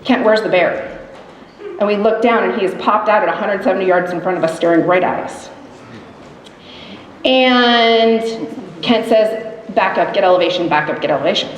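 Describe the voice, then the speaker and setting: A middle-aged woman telling a live story on stage, lively and animated, acting out the quotes. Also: mid-range voice, slight background noise. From grew up in grizzly bear country. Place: live event hall. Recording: echoey hall recording, faint ambience.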